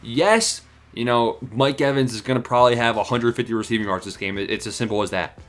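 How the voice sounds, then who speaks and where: A man's voice: medium pitch, quick pace. A young man casually calling his football picks to viewers in slangy, hyped talk, out of breath. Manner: hyped, slangy, talks to viewers as "boys" and "bro". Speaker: sports predictions host. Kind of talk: casual sports betting talk.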